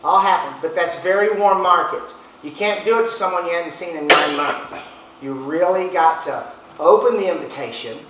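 A man's voice: on the high side, normal speed, background noise. A man leading a sales training session, talking in a folksy, casual way and acting out phone chats. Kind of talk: informal training talk. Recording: echoey, distant, dull room recording.

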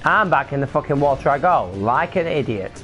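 A man's voice: mid-range voice, expressive, fairly quick, a bit bright, faint music behind. A young man streaming a game live, commenting on the play and swearing in frustration. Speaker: gaming streamer.

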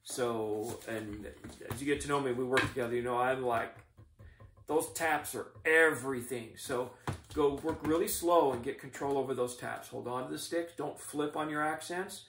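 A middle-aged man teaching drumline warm-ups, explaining each exercise in a methodical, encouraging coaching manner. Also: medium pitch, normal speed, noisy background. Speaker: drumline instructor. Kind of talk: instructional demonstration. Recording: echoey room, mic at a distance.

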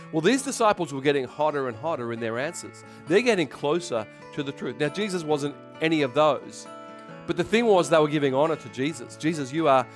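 A middle-aged male pastor giving a sermon in an animated preaching manner, acting out voices and calling out loud. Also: medium pitch.

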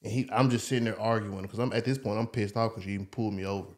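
A man's voice: fairly low pitch, fairly even intonation, racing. A man, a podcast guest telling stories in a casual chat, laughing often and quoting the people in them.

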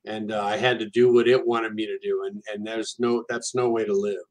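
A man's voice: fairly low pitch, little pitch movement, brisk, a little mellow. A man speaking as a guest in a casual conversation, candid and earnest.

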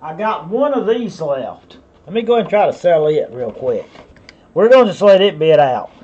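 A man's voice: on the high side, big pitch swings, moderate pace, darkish tone, slightly rough, lo-fi sound. A man with a Southern US accent running a live online auction, rambling in a folksy way and calling viewers by name. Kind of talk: live-stream auction patter.

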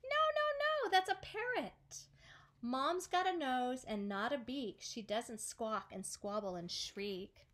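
Storybook role: woman doing a lost little monkey, high, squeaky, slow and protesting. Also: animated, a bit bright. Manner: squeaky, insistent denials. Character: small lost young monkey searching for mum.

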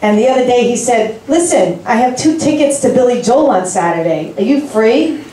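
A woman in her forties performing a stand-up set of deadpan, self-mocking one-liners in a comedy club. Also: fairly high pitch, moderate pace. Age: 40s. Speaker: stand-up comic. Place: club stage with audience. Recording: echoey room, from a distance.

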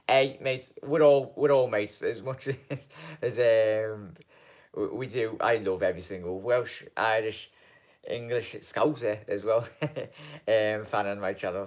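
A man hosting a fan channel live stream, chatting casually and rambling through viewers' comments with lots of ums and "mate". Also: on the low side. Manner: rambling and halting, many ums, keeps calling viewers mate.

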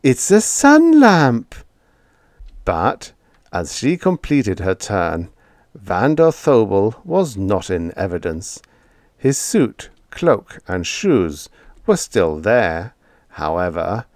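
Brief: low-voiced male narrator, slow and lively in pitch, dry close mic. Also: no echo. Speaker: audiobook narrator. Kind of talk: scripted storybook narration.

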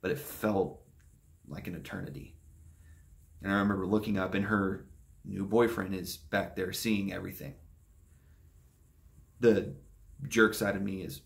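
A young man speaks in a low, gravelly voice. He tells a painful personal story for his vlog, soft-spoken and halting, pausing and starting over as the feelings catch up with him. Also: steady tone. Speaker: vlogger.

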